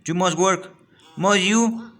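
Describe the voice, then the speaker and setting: An eager, teasing young boy, as a man with a Spanish accent puts him on for a storybook reading. The voice is pushed up high and loud. The halting delivery gives it an amateur feel.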